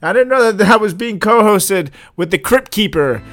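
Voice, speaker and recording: A man hosting a podcast, teasing and roasting his co-host in a loud, playful way. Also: high-pitched, expressive, moderate pace. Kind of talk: casual comedic chat.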